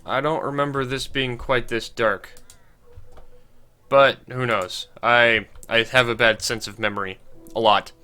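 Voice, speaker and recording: A man's voice: mid-range voice, steady tone, measured pace, sharp tone, clean tone. A young man with a stuffy cold, giving dry, sarcastic commentary while playing a computer game. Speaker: gaming channel host.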